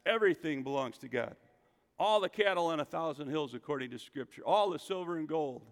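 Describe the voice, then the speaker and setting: A man's voice: on the high side, animated, fairly quick. A man preaching a casual sermon, talking conversationally and calling on the congregation to repeat after him. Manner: conversational, calls for congregation responses. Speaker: pastor. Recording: echoey hall.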